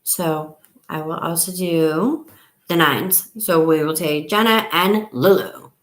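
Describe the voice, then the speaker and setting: A woman's voice: deep voice, fairly even intonation, slow. A middle-aged woman hosting a casual live stream from home, chatty and rambling, trailing off as she counts. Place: at home, camera on a table. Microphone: device camera on a table.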